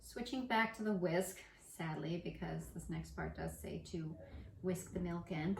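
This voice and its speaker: A woman's voice: fairly low pitch, unhurried, creaky. A young woman hosting a casual home baking show, walking through a recipe with playful, self-mocking asides in her kitchen. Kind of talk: casual cooking tutorial. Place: home kitchen with construction noise outside. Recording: echoey kitchen with construction noise.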